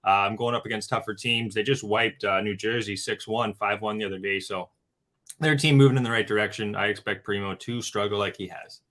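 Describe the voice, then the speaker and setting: Low, bright-voiced betting guest, man. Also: fairly even intonation, brisk. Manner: loose, addresses listeners as guys, filler-heavy. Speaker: guest hockey handicapper. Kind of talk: casual sports betting talk.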